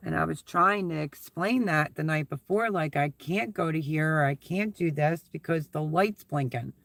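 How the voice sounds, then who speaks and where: Guy chatting on his live stream from his suv, super gravelly fry voice, kinda high for a guy, rambly and chatty. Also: moderate pace, a bit bright, dry recording. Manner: rambling, chatty, repeats thanks. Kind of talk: casual live-stream chat, reading viewer comments.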